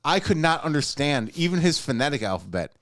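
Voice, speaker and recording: A man co-hosting a casual podcast, telling a story with halting, stammered restarts. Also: fairly high pitch, big pitch swings, a bit bright, no echo, clean studio sound. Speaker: podcast co-host.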